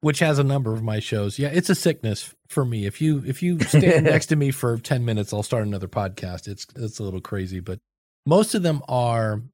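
A man's voice: mid-range voice, animated, brisk, a little mellow, no echo, studio quality. A man chatting as a podcast guest, goofy and full of radio-style storytelling. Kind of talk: casual chat.

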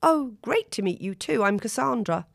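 A woman's voice: a little high, lively intonation, normal speed, vocal fry, no room sound, studio quality, voice pushed up. A woman reading aloud and voicing a vain, tipsy young female model, gushing and self-absorbed.

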